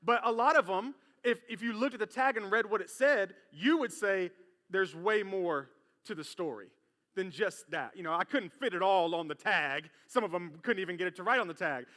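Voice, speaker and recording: High, bright-voiced pastor. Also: male voice, normal speed. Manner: animated, acts out voices in his story. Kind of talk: sermon with personal storytelling. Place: church sanctuary. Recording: long hall reverb in church.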